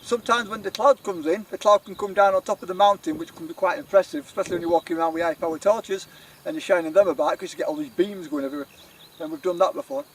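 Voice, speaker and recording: A man's voice: sits high, fairly even intonation, fast. A middle-aged man with a Yorkshire accent, rambling cheerfully through a camping vlog outdoors on a windy hilltop. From Yorkshire, England. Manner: rambling, chatty, self-deprecating. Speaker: outdoor vlogger.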